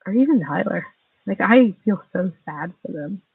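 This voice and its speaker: A woman's voice: mid-range voice, lively intonation, moderate pace, vocal fry, slightly rough, dry recording. A woman in her forties, venting angrily and bitterly on a livestream, sarcastic and full of swearing. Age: 40s. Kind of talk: angry venting monologue. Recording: tinny distant phone mic.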